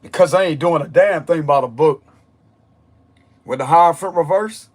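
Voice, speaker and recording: A tarot reader delivers a blunt, forceful monologue, hammering his points by repeating them in a strained voice. His pitch is fairly high and his pace moderate.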